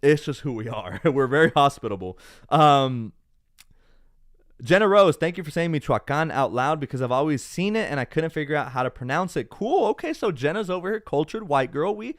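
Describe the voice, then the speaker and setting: A man's voice: on the high side, no echo, clean studio sound. A young man hosting a casual live stream, chatting upbeat with viewers and slipping into Spanish now and then, while feeling unwell. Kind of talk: casual live-stream chat reading comments.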